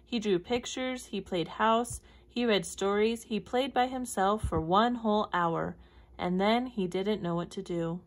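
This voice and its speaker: A woman's voice: medium pitch, a little slow. Woman reading a children's picture book. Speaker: storybook reader. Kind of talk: children's book read-aloud.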